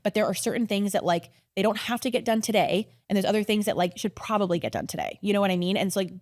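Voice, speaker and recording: A woman in her thirties, a podcast guest, telling stories in a rapid, animated, casual way full of "like"s. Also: mid-range voice, no room sound, clean studio sound. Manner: rapid, animated, filler-heavy with many "like"s. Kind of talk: casual conversational storytelling.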